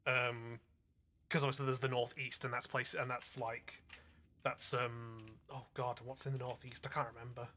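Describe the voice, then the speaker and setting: With a level, medium-pitched voice and a sharp edge, a gaming streamer from Northwest England talks at a moderate pace during casual gameplay chat. His explanations wander off into filler-heavy asides, and a faint hiss or hum sits under the recording.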